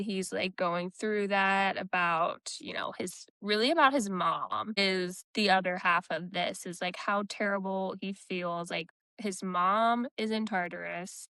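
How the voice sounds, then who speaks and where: A woman retells scenes from a fantasy novel in casual chat, dropping into the characters' lines without changing her voice much. Her tone is smooth and clear at a middling pitch. She sits close to the mic in a dry room. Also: sharp tone, no room sound. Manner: recounts scenes, quoting characters in her own voice. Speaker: book podcast co-host.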